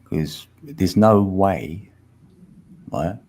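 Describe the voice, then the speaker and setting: A man's voice: sits low, drawn-out words, darkish tone. A man hosting a live stream panel in casual, slangy chat, laughing often.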